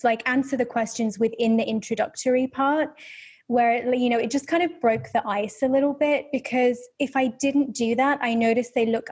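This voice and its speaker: A young woman from the English Midlands with a mixed British and transatlantic accent, telling stories as an interview guest and acting out past conversations. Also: a little high. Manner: animated storytelling, acts out past conversations. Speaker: guest photographer.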